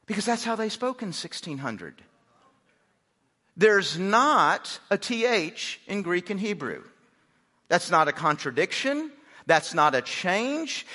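A man's voice: high-pitched, bright, forceful tone. A man teaching a live Bible study, talking with the group in a conversational way, stopping to quiz them and explain each point. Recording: long reverb in a large room.

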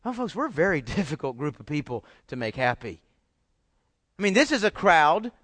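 A man's voice: fairly high pitch, big pitch swings, moderate pace, fairly bright tone, no echo. A middle-aged man preaching a sermon as a pastor, emphatic and full of rhetorical questions to the congregation.

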